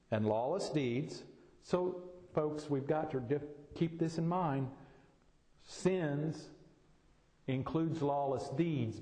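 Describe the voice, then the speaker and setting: Middle-aged male pastor, folksy and explanatory, slow measured preaching, roomy echo of a hall. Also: medium pitch, dark tone. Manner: folksy, explains slowly with homely examples. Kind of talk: sermon. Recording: echoey hall, voice from a distance.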